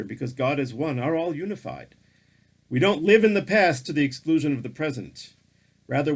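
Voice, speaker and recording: A man teaching a religious lesson in sermon style, telling a story with lively emphasis and acted-out quotes. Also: a little high, creaky, slightly rough.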